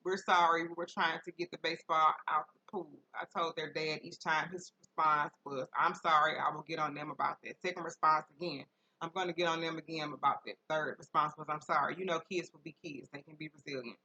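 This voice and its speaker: A woman hosting a casual podcast tells a listener's story. Her voice is bright and sits a little low. She swears freely and keeps bursting into loud laughter. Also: fairly quick, highs cut off. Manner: profane, laughs loudly, swings from flat reading to shrieking. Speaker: podcast host reading listener letters.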